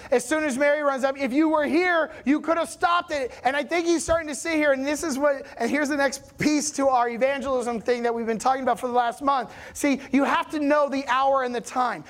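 A male pastor giving a relaxed, conversational sermon in a church. He talks like he's chatting with friends, checking in with the congregation and pushing his voice up with emphasis on the big points. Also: extremely high pitch. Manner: animated, rising emphasis on key points.

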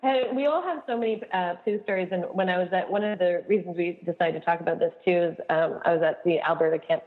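A woman's voice: fairly low pitch, quick pace. A woman co-hosting a podcast, telling funny camp stories in a casual, laughing way. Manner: laughing, animated storyteller. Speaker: podcast co-host, camp director. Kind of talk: casual chat. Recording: dull, echoey long reverb.

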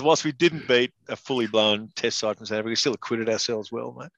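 A man's voice: medium pitch, fast, fairly bright tone, no room sound. A middle-aged man, a former rugby player, chatting bluntly and casually in an interview, swearing freely and calling everyone mate. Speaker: guest, former professional rugby player and state rugby board member.

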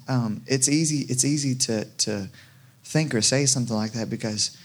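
A pastor preaching a casual, conversational sermon with jokes and frequent restarts. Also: male voice, medium pitch, slightly rough. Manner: conversational, jokey, many restarts.

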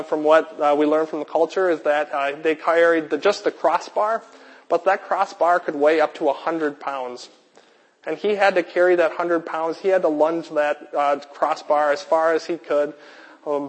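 A man's voice: fairly high pitch, fairly even intonation, normal speed. A man preaching a sermon with a repetitive, emphatic cadence. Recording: long hall reverb.

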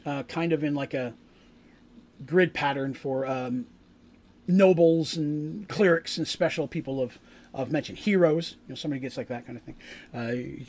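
Male game master, slightly high voice, rambly, filler-heavy, builds drama in narration. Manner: rambling, with many fillers and restarts; rises in pitch and volume for dramatic scene-setting.

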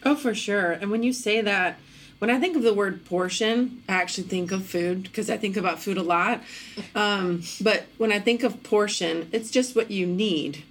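A woman in a casual faith conversation, relaxed and thinking aloud. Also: medium pitch, moderate pace, a little hiss or hum.

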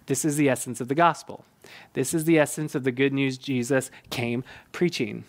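A man's voice: medium pitch, moderate pace. A middle-aged male pastor giving an earnest, conversational sermon, with frequent ums and uhs as he explains and reads scripture. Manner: earnest, conversational preaching with fillers.

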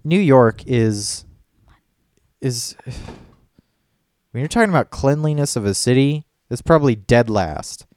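A man's voice: mid-range voice, lively intonation, a little slow, pauses often, a little mellow, no echo. A man telling a story in a casual podcast chat, rambling and swearing often. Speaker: podcast co-host.

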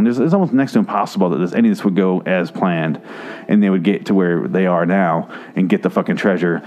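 A man giving a rambling, profane movie review, exasperated and swearing, his voice jumping high when he gets worked up. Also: fairly quick, darkish tone, lo-fi sound. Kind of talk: casual profane movie rant.

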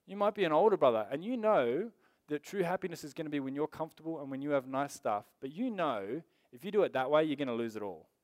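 Man, pastor, sermon, conversational and emphatic, fairly high voice. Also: lively intonation, quick pace, a little mellow.

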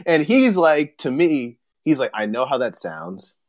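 A man's voice: medium pitch, big pitch swings, unhurried, no room sound. A man hosting a podcast in casual chat, rambling and laid-back, laughing often and swearing, recorded over a remote voice chat. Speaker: podcast host.

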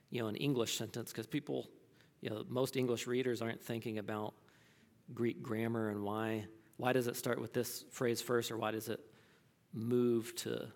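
Man lecturing in a reverberant hall. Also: medium pitch. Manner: thinking aloud with many restarts and fillers. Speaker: teacher. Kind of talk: classroom lecture answering questions.

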